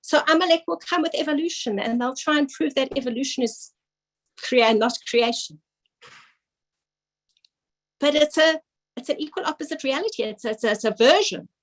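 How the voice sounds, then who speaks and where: A woman's voice: high-pitched, moderate pace, pauses often, rough recording. A woman giving an earnest, explanatory Torah class to women, using Hebrew and Yiddish terms. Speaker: Torah teacher.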